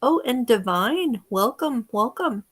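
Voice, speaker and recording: A woman's voice: fairly high pitch, expressive, takes it slowly. Chatty American woman hosting a healing stream. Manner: chatty, greets viewers by name, gives gentle instructions. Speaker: energy healer hosting a livestream. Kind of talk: casual livestream chat.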